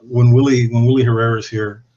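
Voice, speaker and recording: A man's voice: medium pitch, flat delivery, brisk, warm tone, muffled recording. A man guesting on a podcast, telling cigar-industry stories in a candid, profane, rambling way that often restarts and trails off. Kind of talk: casual anecdotal storytelling.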